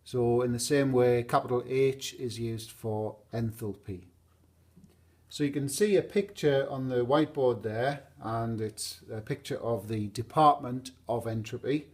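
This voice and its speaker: A man teaching a chemistry lesson at a whiteboard, explaining steadily and pausing to draw graphs. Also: medium pitch, darkish tone.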